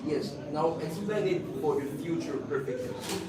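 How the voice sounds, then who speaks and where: A man's voice: on the high side, over a noisy crowd. A man at a live event building up long, explanatory questions before putting them to the speaker. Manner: measured, explaining at length before asking. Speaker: audience questioner. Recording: echoey distant room mic with heavy noise.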